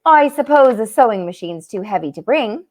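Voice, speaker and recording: A fussy, practical mother beaver who bustles and bosses everyone kindly, put on by a woman reading a storybook aloud. Her lilt wanders between Irish and English, and her pitch swings lively through each line. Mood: bustling. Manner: brisk, bossy, soothing.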